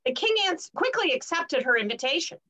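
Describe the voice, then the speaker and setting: Woman reader, high and bright, slow and animated storytelling. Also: low-quality recording. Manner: slow and expressive. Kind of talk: reading a story aloud.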